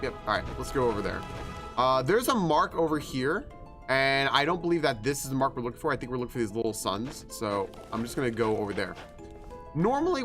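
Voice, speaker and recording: A man streaming a video game, chatting casually and thinking aloud with lots of fillers. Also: mid-range voice. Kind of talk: casual live-stream commentary. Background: game music.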